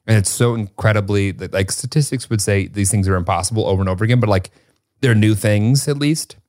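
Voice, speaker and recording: A man's voice: fairly low pitch, a little fast, no room sound, studio quality. A man co-hosting a podcast in casual chat, telling stories dramatically and acting out little quotes. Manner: animated, dramatic storytelling with acted-out quotes. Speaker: podcast co-host.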